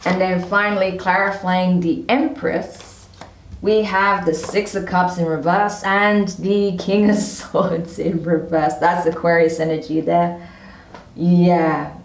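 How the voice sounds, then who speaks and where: A woman's voice: lowish voice, little pitch movement, slow pace, far from the mic. A woman giving a casual tarot reading to camera, chatty and emphatic, often repeating herself. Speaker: tarot reader. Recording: roomy echo.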